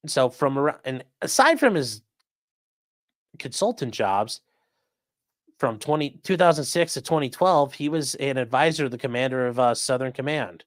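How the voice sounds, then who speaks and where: A man's voice: mid-range voice, lively intonation, normal speed, dry recording, clean studio sound. A man hosting a casual commentary show who swears freely and acts out the quoted lines in changing voices. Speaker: host.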